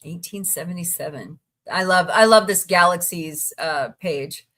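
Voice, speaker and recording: A woman from the United States hosts a casual live stream, reacting aloud as she reads the news and greets her viewers. Her voice has a bright, forward edge, and she takes her time with every phrase. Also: lowish voice, measured pace. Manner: chatty, reacts aloud while scrolling, frequent laughs. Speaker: livestream host. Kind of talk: casual live chat, reading headlines.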